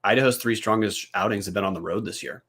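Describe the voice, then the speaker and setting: A man's voice: on the low side, fast talker, fairly bright tone, slightly rough. A man co-hosting a college football podcast, breaking down playoff odds bluntly and swearing casually. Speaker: podcast co-host. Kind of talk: casual sports podcast chat.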